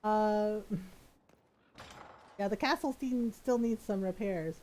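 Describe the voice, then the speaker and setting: A woman's voice: medium pitch, takes it slowly, slight background noise. A woman streaming a video game, chatting casually, giggling often and acting out the characters' lines. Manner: giggly, animated, acts out character voices. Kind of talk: casual gameplay commentary.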